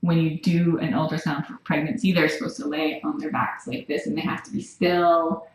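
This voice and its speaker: A woman working at a cat rescue, talking casually to a live stream camera and softly cooing and whispering to a cat. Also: sits low, flat delivery, moderate pace. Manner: soft, cooing baby talk to a cat, often whispered. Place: small room in a cat rescue shelter. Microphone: room camera mic from across the room. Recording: echoey room, voice from far off. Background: faint room noise and cats.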